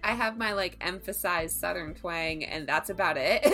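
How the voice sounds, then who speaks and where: A woman's voice: fairly low pitch, very animated, slow pace, a bit bright, soft background music. A woman in casual podcast chat, giggly and self-deprecating. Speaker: podcast player.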